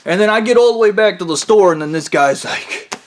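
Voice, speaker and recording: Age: adult. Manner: profane, mocking, blunt, in a high voice. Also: male voice, a little fast. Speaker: storyteller comedian. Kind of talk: crude comic storytelling.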